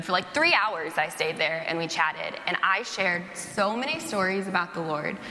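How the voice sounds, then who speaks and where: A woman's voice: mid-range voice, bright, forceful tone, slight background noise. A young woman who works at a church, preaching a sermon and telling a personal story in a chatty, casual way, full of "like". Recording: echoey hall.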